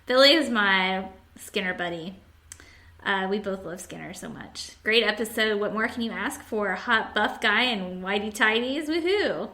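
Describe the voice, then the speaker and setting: A woman's voice: mid-range voice, animated, moderate pace, pushed and bright. A woman hosting a podcast, casually chatting and reading listener comments aloud with frequent laughs. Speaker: podcast host.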